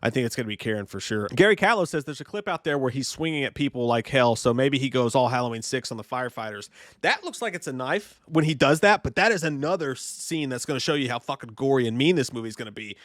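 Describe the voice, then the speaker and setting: A man co-hosting a casual podcast chat, excitable and profane, full of fillers and restarts. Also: mid-range voice, fast talker, no room sound, studio quality. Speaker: podcast co-host.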